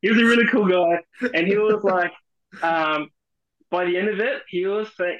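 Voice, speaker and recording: A man's voice: high voice, moderate pace, fairly bright tone. An Australian man with a slightly raised voice tells rowdy army stories, cursing freely and breaking into laughter. The sound is dull and lo-fi. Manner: swearing, laughing storyteller. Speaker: podcast guest. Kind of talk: casual chat.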